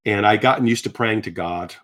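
A man in his sixties telling his conversion story in conversation, animated, acting out quotes as he talks. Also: on the low side, fairly quick. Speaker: guest sharing his testimony. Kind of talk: conversational faith testimony.

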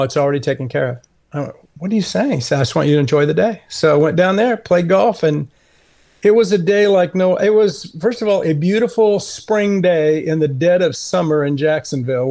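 A middle-aged man with a high, light voice tells a personal story as an interview guest. He is earnest and animated, and he voices each person's lines as he goes. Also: vocal fry. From California. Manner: earnest, animated storyteller who acts out quoted dialogue. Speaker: guest, Christian author.

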